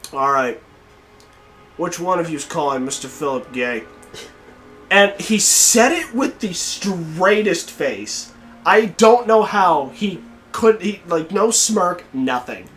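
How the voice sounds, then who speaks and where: A young man hosting a podcast, telling a story in casual chat, swearing freely and shouting out the quoted lines. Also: a little high. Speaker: podcast host.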